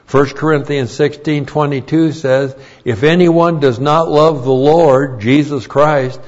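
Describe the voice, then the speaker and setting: Slow deliberate male Bible teacher. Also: medium pitch, darkish tone. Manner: slow, deliberate, repeats key phrases. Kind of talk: sermon. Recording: dull lo-fi recording.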